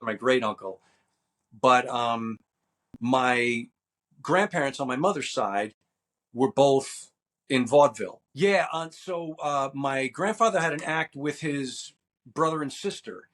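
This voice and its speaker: A man's voice: medium pitch, slow, fairly bright tone. A man in his fifties from New Jersey, an actor and stuntman chatting easily as an interview guest, rambling with fillers. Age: 50s. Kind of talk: casual interview.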